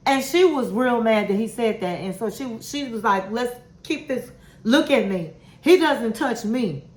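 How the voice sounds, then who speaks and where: A woman's voice: a little high, fairly bright tone. A woman hosting a casual reality TV recap, giving candid, sassy opinions and calling her viewers honey and girl. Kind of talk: casual commentary. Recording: roomy echo.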